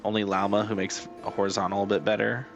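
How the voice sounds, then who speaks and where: A man's voice: fairly low pitch, flat delivery, fast, vocal fry. A young man streaming a video game, chatting casually and joking with his cat. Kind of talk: casual live-stream chat.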